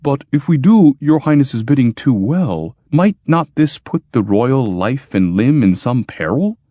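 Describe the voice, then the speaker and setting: A man's voice: medium pitch, very animated, unhurried, dark tone, no room sound, clean studio sound, voice pushed up. A man voicing a careful, courteous male constructor who speaks cautiously. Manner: polite, cautious.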